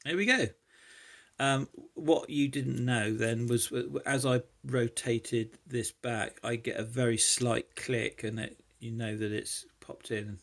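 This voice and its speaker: A man's voice: medium pitch, level tone, unhurried, gravelly, few pauses. A man casually demonstrating lockpicking, thinking aloud with many hesitant fillers. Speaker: lockpicking hobbyist vlogger. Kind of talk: casual demonstration while picking a lock.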